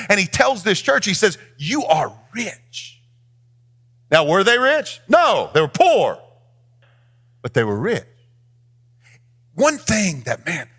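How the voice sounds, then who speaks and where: A man's voice: high voice, bright, forceful tone. A male pastor preaching a sermon in a church, speaking straight to his congregation and swinging his lines up into a sing-song emphasis.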